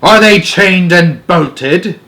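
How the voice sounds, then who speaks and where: A man voicing the Grand High Witch, harsh and shrill. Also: very slow, exaggerated voice. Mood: barking orders. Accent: put-on German. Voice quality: harsh, grating, shouted.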